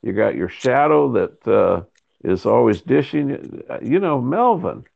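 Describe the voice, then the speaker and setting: Teasing male host with a lively, gravelly voice. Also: medium pitch, measured pace, phone-quality sound. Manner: teasing, joking interviewer. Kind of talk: casual chat.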